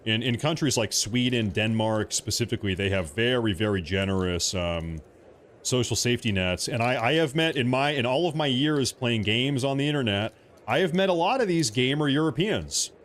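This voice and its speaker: A man's voice: mid-range voice, moderate pace, fairly bright tone, slight background noise. A man hosting a political livestream from home, talking casually, joking and repeating himself as he rambles. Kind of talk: casual live commentary.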